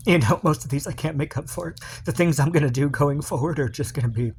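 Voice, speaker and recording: A man's voice: a little high, fast, a little hiss or hum. A man recording a personal video message to his partner, rambling and confessional, full of fillers and restarts.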